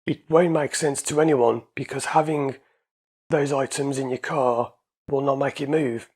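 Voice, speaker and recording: A man's voice: medium pitch, steady tone, measured pace, darkish tone, breathy edge. A man, an anxiety coach and hypnotherapist, explaining his ideas in a casual, conversational way and repeating his points.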